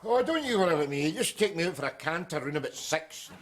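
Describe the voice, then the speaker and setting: A man's voice: on the high side, very animated, quick pace, heavy background noise. An actor with a Glaswegian accent playing a sarcastic, mocking Glasgow man in a sitcom. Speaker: lodger in a politician's home. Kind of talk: sitcom acting.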